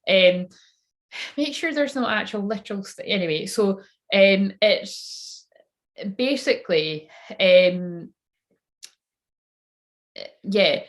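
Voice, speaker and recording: A woman chats loosely on a live channeling stream. She rambles from one thought to the next, swears without a second thought, and speaks directly to the people watching. Her voice sits at a middle pitch. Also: animated, takes it slowly, pauses often. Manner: rambling, swears freely, talks straight to viewers. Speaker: spiritual channeler.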